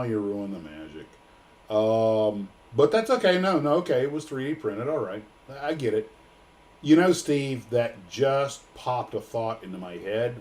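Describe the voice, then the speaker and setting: An American man hosts a casual livestream, joking and rambling with plenty of fillers, in a lowish voice with a dark tone.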